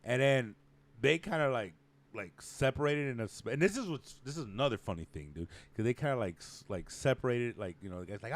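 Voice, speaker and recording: A man's voice: medium pitch, expressive, brisk. A young man telling a long story on a podcast, rambling and profane and laughing often. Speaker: podcast co-host. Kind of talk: casual storytelling.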